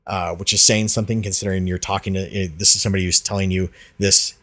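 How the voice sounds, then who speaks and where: A man hosts a casual podcast chatting about movies, rambling loosely with frequent fillers and restarts. His voice is low-pitched, a bit bright and level in tone, and he talks fast.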